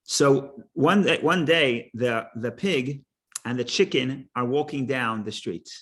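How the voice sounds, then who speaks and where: A man teaches a Torah class in a mid-range, slightly bright voice. He speaks haltingly, repeating words and restarting, and explains his points through stories and jokes.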